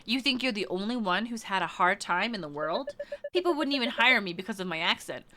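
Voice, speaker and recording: A woman's voice: medium pitch, expressive, brisk, bright, forceful tone. A woman reading a stern lecturing dad. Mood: scolding. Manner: stern, scolding, preachy. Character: strict, lecturing immigrant father, middle-aged. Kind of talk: reading a visual novel aloud on stream. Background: game music.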